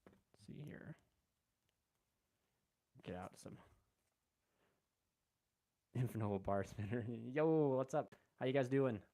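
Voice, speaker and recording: A man of middling pitch chats casually on a live stream, greeting viewers by name. He rambles in a relaxed, easygoing way, with plenty of fillers, from a room at home. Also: slow, gravelly, long pauses. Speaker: livestream host. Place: room at home with window open.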